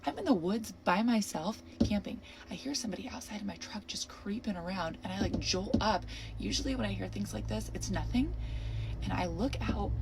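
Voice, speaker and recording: Young woman, casual vlog, animated storytelling, filler-heavy, faint background hiss. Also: medium pitch. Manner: breathless, animated retelling with many fillers. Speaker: camper telling her story.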